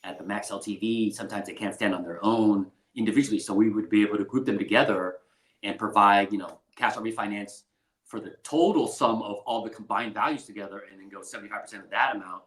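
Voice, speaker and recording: A man's voice: fairly low pitch, fast talker. Laid-back Texan man in a roomy space. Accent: Texas. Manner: relaxed, laid-back, self-deprecating humor. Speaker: mortgage lender guest. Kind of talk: casual interview chat. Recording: roomy echo.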